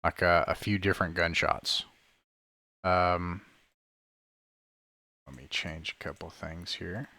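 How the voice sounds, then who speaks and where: A man narrating a tabletop game as game master, describing scenes in a halting way full of fillers over an online call. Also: sits low, fairly even intonation, pushed and bright, dry recording, clean studio sound. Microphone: online call microphone.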